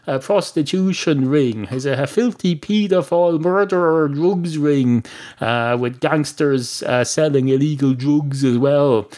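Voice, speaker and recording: A man's voice: on the high side, a little slow, a little mellow, pitched above the performer's own voice, lightly acted. Irish guy putting on a pair of fretful young cats, meowing, rambling worried questions. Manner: rambling, anxious questions, repeated meows.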